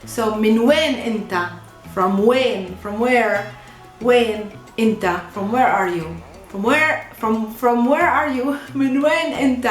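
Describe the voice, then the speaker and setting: A woman teaching a language lesson to camera in a lively way, laughing at her own slips. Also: fairly high pitch, moderate pace. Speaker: Arabic teacher. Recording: echoey room with faint music.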